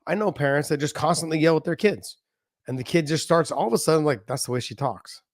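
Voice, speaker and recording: The speaker is a middle-aged podcast guest, once a fighter, whose voice sits a little high and who talks fast. In a casual interview he lays out his views earnestly through everyday examples, captured in a dry, studio-quality recording.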